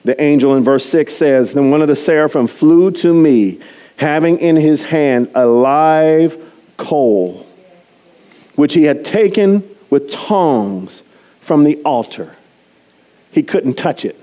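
A man preaching a sermon, animated and chatty, often laughing and poking fun at himself as he talks to the congregation. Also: fairly high pitch, slow. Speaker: pastor.

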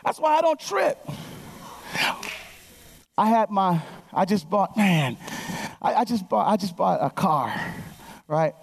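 Woman in her 50s, lively preacher, gravelly texture, works the room with anecdotes. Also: medium pitch, slow pace, long pauses. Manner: animated storytelling, calls out to the congregation. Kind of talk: sermon.

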